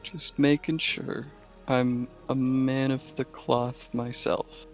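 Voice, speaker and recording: Slow, wary man asking questions. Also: mid-range voice, little pitch movement, gravelly, soft background music. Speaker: player. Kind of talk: tabletop role-play chat.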